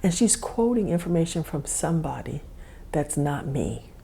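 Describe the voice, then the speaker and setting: A woman's voice: deep voice, very animated, moderate pace, gravelly, mellow, a little hiss or hum. A woman hosting a podcast, telling a personal story in a rambling, self-correcting way and chuckling often. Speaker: podcast host. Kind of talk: casual storytelling monologue.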